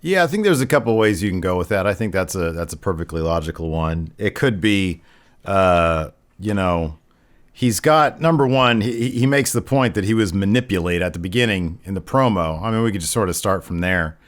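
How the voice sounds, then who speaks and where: A man's voice: low-pitched, animated, moderate pace. A man co-hosting a casual wrestling review show, retelling a segment at length with lots of "uh" fillers. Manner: recaps at length with many fillers. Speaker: podcast co-host.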